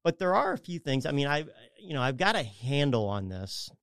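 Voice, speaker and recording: Clear-voiced man explaining money matters. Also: mid-range voice, sing-song, brisk, fairly bright tone, no echo, studio quality. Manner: rambling, self-correcting, acts out clients' voices. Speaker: mortgage advisor guest. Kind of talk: casual radio talk explaining finances.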